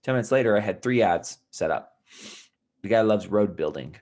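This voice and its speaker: A man telling a story to his viewers in a casual, rambling way, sounding tired, often restarting and dropping into a quiet mutter. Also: on the low side, expressive, normal speed. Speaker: vlogger.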